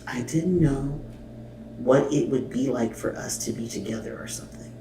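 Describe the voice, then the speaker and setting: A man's voice: medium pitch, moderate pace. A man hosting a reaction video, bluntly commenting and reading subtitles aloud with swearing and exasperation. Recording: echoey room, mic at a distance, faint noise.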